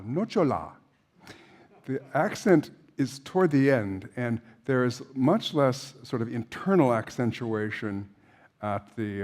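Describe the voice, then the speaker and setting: A man's voice: fairly low pitch, a little mellow. An older man giving an informal opera lecture to a class, chatty and anecdotal, with frequent fillers and restarts.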